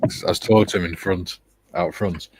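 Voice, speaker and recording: A man's voice: low-pitched, fairly even intonation, normal speed, darkish tone, husky. A man from Britain co-hosting a casual chat, telling anecdotes and acting out the dialogue in them. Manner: storytelling, acts out quoted dialogue. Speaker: co-host.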